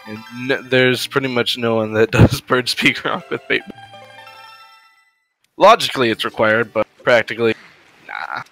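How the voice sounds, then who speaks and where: A man's voice: medium pitch, unhurried, long pauses, bright, forceful tone, faint music behind, poor audio. A man co-commentating a live speedrun race, reacting to plays with jokes and sarcastic asides.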